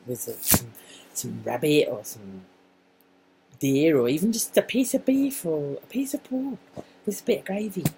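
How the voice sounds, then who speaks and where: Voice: medium pitch, animated, normal speed, dark tone, a little hiss or hum, poor audio. An English-accented adult vlogger talking casually in a wandering monologue, full of restarts and asides. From England.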